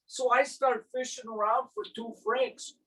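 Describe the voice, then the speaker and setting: Older male gardening presenter, high voice, exuberant storyteller, a bit off-mic. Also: measured pace, distant mic, poor audio. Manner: exuberant, animated storyteller with big vocal sound effects. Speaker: gardening speaker.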